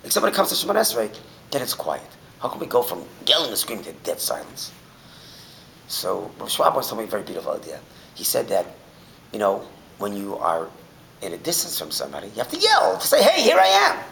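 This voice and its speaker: A man teaching a Torah class, telling stories in an animated way that swings from shouting to a near whisper. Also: lowish voice, fast, vocal fry, pauses often, a little hiss or hum, rough recording.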